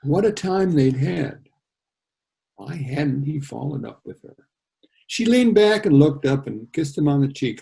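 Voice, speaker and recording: A male author reads his novel aloud over a video call and talks about it between passages, conversational and animated. His voice is gravelly and dark, and it moves through a wide pitch range. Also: measured pace, rough recording. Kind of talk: reading his novel with commentary.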